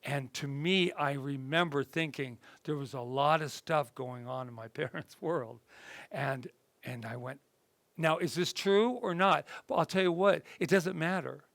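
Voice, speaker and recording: Gravelly male reverend teaching. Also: medium pitch, moderate pace, no echo. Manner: conversational, animated, acts out voices in his stories. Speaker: reverend teaching a spiritual class. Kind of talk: casual spoken talk.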